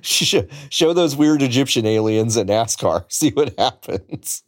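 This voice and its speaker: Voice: mid-range voice, expressive, a little slow. A podcast co-host in casual chat who laughs often, swears, and drops short reactions.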